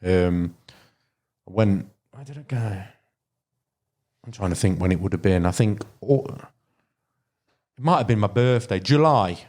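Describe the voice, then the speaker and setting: A man's voice: on the low side, lively intonation, measured pace, pauses often, a little mellow. A man from Derbyshire, a podcast guest telling long fishing stories in casual chat, full of restarts and fillers. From Derbyshire, England. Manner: rambling storytelling with many restarts and fillers. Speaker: podcast guest, carp angler.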